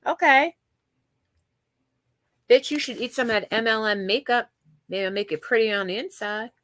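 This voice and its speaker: A woman's voice: fairly high pitch, moderate pace, fairly bright tone, dry recording. A woman hosting a livestream, chatting casually and gossiping with viewers, swearing freely and often restarting her sentences. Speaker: livestream host. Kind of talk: casual chat with live viewers.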